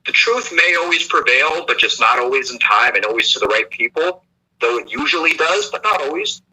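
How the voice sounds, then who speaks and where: A man's voice: medium pitch, expressive, fairly quick, sharp tone, husky, poor audio. A man co-hosting a livestream, rambling in crude casual banter with frequent restarts and repeated words. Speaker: livestream co-host.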